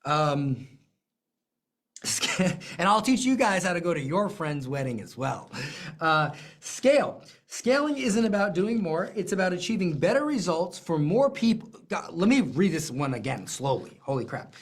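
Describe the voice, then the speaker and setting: A business coach teaches a live lesson with emphatic, animated delivery, tossing in self-deprecating asides and repeating phrases. The voice is medium-pitched at a moderate pace.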